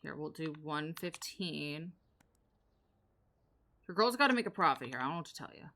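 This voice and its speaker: A young woman streams a game live, riffing on it in a sarcastic, joking way. Her voice sits on the lower side but has a bright, forceful edge. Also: animated, normal speed, a little hiss or hum. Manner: sarcastic, joking banter with chat. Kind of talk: casual live gameplay commentary.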